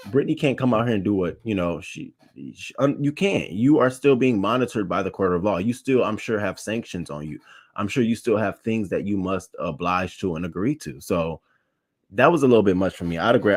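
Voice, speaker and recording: Reading from his live chat, this celebrity news show host gives frank, opinionated takes, cursing without restraint and hammering points home through repetition. His voice sits low.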